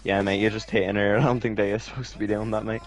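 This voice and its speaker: Sweary lad gaming. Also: male voice, lowish voice, level tone, quick pace. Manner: sweary, teasing, says mate constantly. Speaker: gamer. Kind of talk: casual gaming banter.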